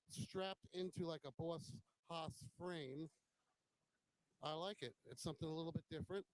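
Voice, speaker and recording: A man's voice: on the high side, no echo, poor audio. Man giving casual bike-show walkaround. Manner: casual, admiring, blunt with occasional swearing. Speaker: motovlog host.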